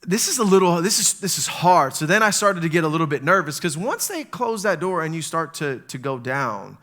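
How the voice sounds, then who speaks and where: A man with a high, bright, forceful voice preaches a sermon. He tells stories animatedly, jumping into panicked little quotes as he acts them out. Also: lively intonation, a little fast. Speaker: pastor. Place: church stage.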